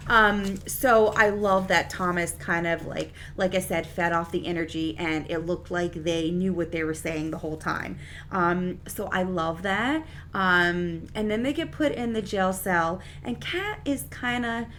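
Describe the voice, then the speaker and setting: A woman's voice: mid-range voice, measured pace, a bit bright, slight background noise. A woman casually recapping and reviewing a TV episode in a chatty, enthusiastic way, with many fillers. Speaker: TV series reviewer.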